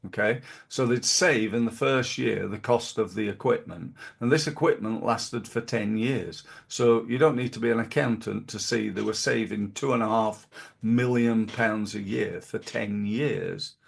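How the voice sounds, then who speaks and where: A middle-aged British man with a gravelly, creaky voice hosts a podcast. He gives business advice in a loose, chatty way, full of fillers, restarts and asides. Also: lowish voice, measured pace. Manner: rambling, many fillers and restarts. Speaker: podcast host. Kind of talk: casual advice talk.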